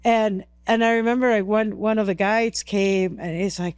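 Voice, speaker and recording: A woman's voice: medium pitch, steady tone, moderate pace, a little mellow, clear, resonant tone, no room sound. A woman from Peru, a podcast interview guest, telling a story earnestly and emotionally, with many restarts.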